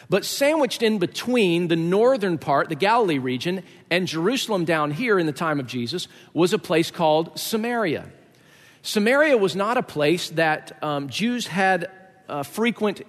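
Pastor guy chatting through a sermon, kinda high voice, lots of um and uh, echo from a big hall. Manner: conversational and joking, with many fillers. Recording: echoey hall.

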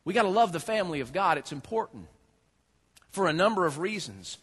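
A man preaching a sermon as a pastor, folksy and joking, with animated storytelling. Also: high voice, fairly quick, breathy edge.

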